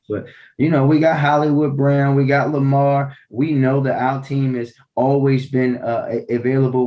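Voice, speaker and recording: A man's voice: medium pitch, darkish tone. A man answering interview questions with proud, combative, playful trash talk about his city. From Baltimore. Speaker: big-city mayor, interviewee. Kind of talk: boastful interview banter.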